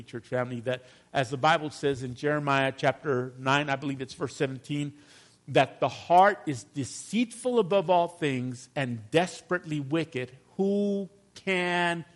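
A middle-aged man preaching a sermon as pastor, conversational, often asking the congregation to agree with him. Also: fairly high pitch. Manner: conversational, addresses congregation with call-and-response questions.

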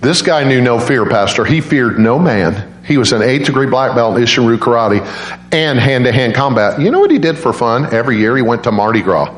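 Male preacher, animated storyteller, mid-pitched voice, roomy church echo. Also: fairly quick, slight background noise. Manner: animated, jumps into high voices for quoted grandmas. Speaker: guest preacher. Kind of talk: storytelling sermon.

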